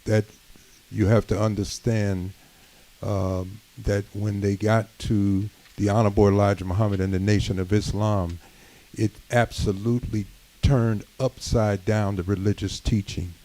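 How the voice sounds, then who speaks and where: A middle-aged man giving a sermon-style address at a community gathering, measured and full of "uh" fillers, building to emphatic points. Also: fairly low pitch, flat delivery, warm tone, poor audio.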